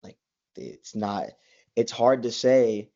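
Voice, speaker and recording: With a warm, medium-pitched voice and a slow pace, a twenty-something college wrestler rambles as an interview guest, filling his speech with "likes" and restarts. The conversation is casual, and the recording has a dull lo-fi quality.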